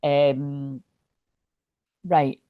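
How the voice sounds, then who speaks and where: A woman's voice: low-pitched, steady tone, drawn-out words, no room sound, narrow, tinny audio. A woman hosting a spiritual astrology livestream, rambling and chatty as she reads viewer comments. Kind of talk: casual livestream chat.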